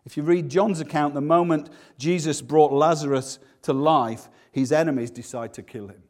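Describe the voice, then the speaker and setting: A man preaching a sermon, swinging between loud, emphatic passages and hushed, slow ones. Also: fairly high pitch, fairly even intonation.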